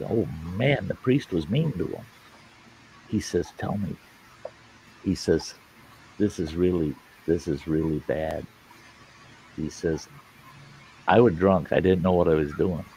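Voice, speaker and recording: A man's voice: deep voice, unhurried, creaky, pauses often, dark tone, slight background noise, poor audio. A man hosting a casual livestream chat, telling a long joke in a folksy, plain-spoken way with some cursing. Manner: folksy, drawling storyteller with mild cursing. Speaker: host.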